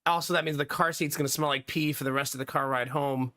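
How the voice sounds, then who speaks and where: A man chats casually with his live viewers, spinning an exasperated story and breaking into laughter often. His voice sits a little high and has a bright, sharp edge. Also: fairly even intonation, fast talker. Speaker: live streamer chatting with viewers.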